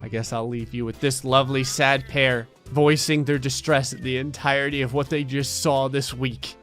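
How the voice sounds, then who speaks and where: A young man giving sarcastic, deadpan comedic commentary on a life-simulation game, laughing often at his own jokes. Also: mid-range voice, normal speed, faint music behind. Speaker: gameplay commentator.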